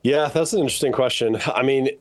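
A man who is an author, a guest on a podcast interview, answering questions in a measured, explanatory way with frequent ums. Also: mid-range voice.

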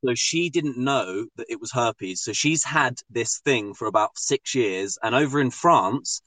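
A man's voice: mid-range voice, animated, unhurried, sharp tone, no room sound. A man in his twenties with a southern English accent, a guest chatting casually on a podcast with cheeky, joking asides. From southern England. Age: 20s.

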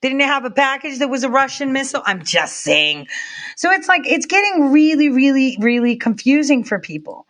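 An excitable woman talks off the cuff on a live stream. She rambles from one thought to the next and tosses in quick asides to her chat. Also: high-pitched. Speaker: livestreamer. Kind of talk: casual live-stream commentary.

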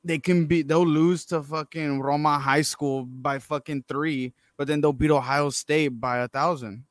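A man's voice: a little high, steady tone, measured pace, dry recording. A man with a slightly raised voice co-hosts a casual sports podcast. He delivers blunt takes packed with swearing. The sound is dry and close. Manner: blunt, profane hot takes. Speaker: podcast co-host.

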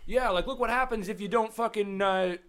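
A blunt man with a voice a bit higher than most, venting hard in casual chat. He swears constantly and pushes his opinions without holding back. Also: fairly quick, fairly bright tone. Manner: blunt, profane, ranting.

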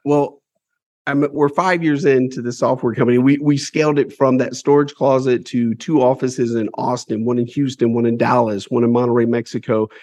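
A man's voice: medium pitch, fairly even intonation, normal speed, a little mellow, dry recording. A man who runs a publishing company, telling his life story as a guest in a casual interview, candid and emphatic, swearing freely and repeating words as he builds up each point.

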